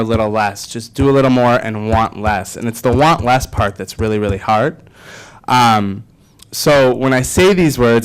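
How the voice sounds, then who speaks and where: A man in his twenties giving a keynote speech, telling a personal story in a lively way with many fillers and restarts. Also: mid-range voice, clear, resonant tone, rough recording. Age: 20s. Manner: animated, filler-heavy, self-deprecating. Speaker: keynote speaker.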